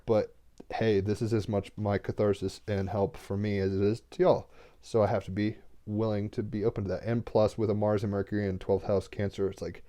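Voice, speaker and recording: Low, mellow-voiced man rambling earnestly. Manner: rambling, earnest, fillers like "like" and "right?". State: tearful, getting emotional. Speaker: tarot card reader. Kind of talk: casual spiritual livestream talk.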